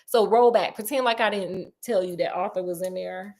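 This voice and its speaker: A woman's voice: medium pitch, moderate pace, vocal fry, a little mellow. A woman retelling a story in a casual, chatty way, with digressions and laughing asides.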